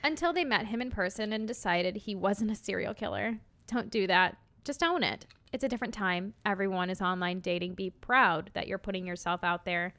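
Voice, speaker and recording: A woman with a Midwestern American accent co-hosting a casual chat, bubbly and teasing, quick to laugh. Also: mid-range voice, fairly bright tone. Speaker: podcast co-host.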